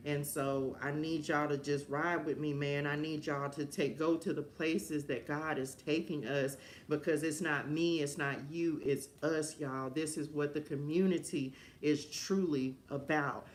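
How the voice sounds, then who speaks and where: A woman's voice: sits low, steady tone, a little slow, hardly any pauses, slight background noise. A woman hosting a live stream, giving a fervent, emotional motivational message with preacher-like repetition. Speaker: live-stream host and life coach.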